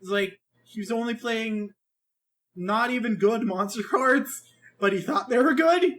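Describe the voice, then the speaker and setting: A man with a high voice co-hosts a casual podcast chat. He talks in an animated, rambling way, swears freely and restarts his sentences often. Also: a little slow. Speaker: podcast co-host reviewing an anime.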